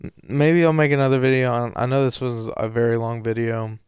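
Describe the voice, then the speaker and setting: A man's voice: mid-range voice, fairly even intonation, a little fast, darkish tone, smooth, no room sound. A man telling a story casually to his viewers, rambling with many fillers and restarts. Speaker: streamer answering viewer questions.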